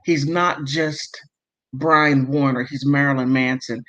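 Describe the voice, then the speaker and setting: A man's voice: medium pitch, fairly even intonation, takes it slowly, pushed and bright. A man hosting a livestream, reading chat comments aloud and riling himself up, often stopping to apologize and correct himself. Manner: emotional, heated, self-interrupting and apologetic. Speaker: livestream host. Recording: dull lo-fi audio.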